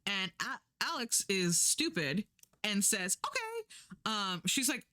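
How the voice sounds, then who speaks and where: A young woman streamer casually recapping a book, acting out characters' lines in high voices, swearing and laughing as she goes. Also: takes it slowly. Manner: animated, acts out quotes in high voices, swears, laughs often.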